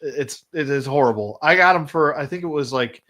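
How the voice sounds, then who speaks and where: Brief: male host, slightly high voice, casual livestream toy review, blunt and rambly. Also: moderate pace, sharp tone, low-quality recording. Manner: rambling, blunt, repeats and restarts while complaining. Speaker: action figure collector and channel host.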